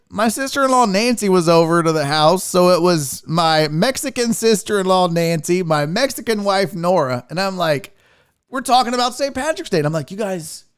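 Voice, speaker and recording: A man hosting a comedic talk show, ranting in a loud, mocking, profane way and slipping into exaggerated voices. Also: high voice, smooth. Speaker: podcast host.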